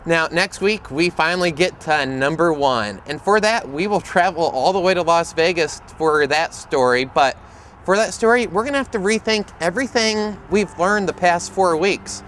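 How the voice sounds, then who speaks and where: A man, an autism speaker and educator, tells stories in a humorous, lively way while presenting to camera outdoors. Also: high-pitched, normal speed, a little hiss or hum.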